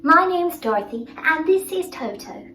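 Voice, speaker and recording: A kind and cheerful young farm girl, played by a woman, eager and friendly in her storybook adventure. Her high voice rings out in a roomy space, set back from the microphone, with faint music underneath. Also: lively intonation, normal speed, sharp tone, far from the mic, heavily acted.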